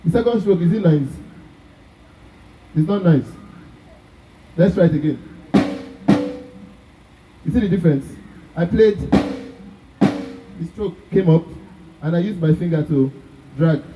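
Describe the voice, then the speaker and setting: Nigerian drum teacher, echoey and distant. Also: male voice, a little high, animated, slow, pauses often, dark tone, faint music behind. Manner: asks the class constant check questions. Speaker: drum instructor. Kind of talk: live drum workshop teaching. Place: large echoey room at a festival workshop. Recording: echoey room, from far off.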